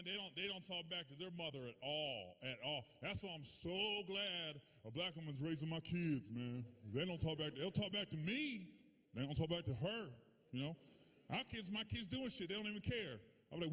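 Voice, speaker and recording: A man telling profane, animated stories in a stand-up comedy set. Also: high-pitched, moderate pace.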